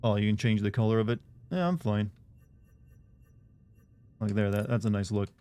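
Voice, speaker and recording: A man's voice: fairly low pitch, expressive, normal speed, mellow, smooth, soft background music. A man chatting casually while streaming a game, rambling and answering his chat. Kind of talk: casual let's-play chat.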